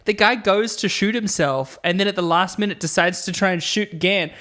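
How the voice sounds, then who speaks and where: A woman co-hosting a comedy film podcast, wry and quick to laugh, with dry asides. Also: medium pitch, fairly bright tone. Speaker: podcast co-host. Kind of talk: casual comedic chat.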